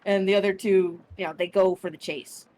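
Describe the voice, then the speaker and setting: A woman's voice: medium pitch, fairly even intonation, fairly quick, a little mellow, a little hiss or hum. Rambling young woman game master. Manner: rambling, full of likes and restarts. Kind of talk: improvised tabletop game narration.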